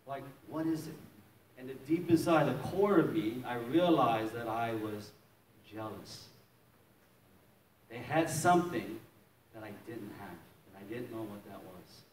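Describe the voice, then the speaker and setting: A man's voice: mid-range voice, unhurried. A man from Maryland, a pastor, telling his testimony in a sermon, acting out scenes and laughing often as he tells it. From Maryland, USA. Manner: lively storytelling, acts out scenes, laughs often. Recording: roomy echo, distant mic, faint noise.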